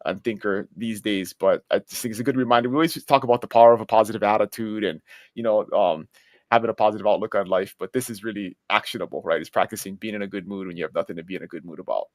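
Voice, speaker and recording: A man's voice: lowish voice, fast, a little mellow, no echo, studio quality. A man co-hosting a real estate show, chatting casually in an upbeat and thoughtful way. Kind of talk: casual chat.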